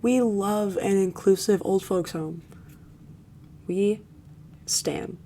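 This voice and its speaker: A young woman streamer giving casual commentary on a game, with sarcastic, crude, quick-witted remarks. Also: mid-range voice, warm tone, a little hiss or hum.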